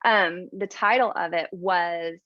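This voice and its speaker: A woman's voice: fairly low pitch, slow pace, no echo, muffled recording. A woman sharing her personal story on a video call in a casual, chatty way, with lots of "like" and "um.". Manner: chatty, full of "like" and "um".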